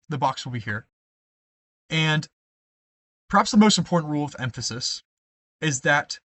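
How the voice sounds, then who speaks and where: A man's voice: medium pitch, fairly bright tone. A young man teaching debate card formatting in a screen-share tutorial, explaining step by step with frequent ums and asides of "right?". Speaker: debate coach.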